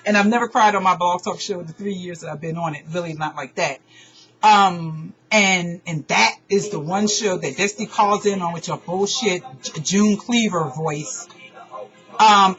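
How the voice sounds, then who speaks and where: A woman's voice: lowish voice, a bit bright. A woman who hosts an online radio show, venting in an emotional, profane personal monologue. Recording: dull lo-fi recording with faint music.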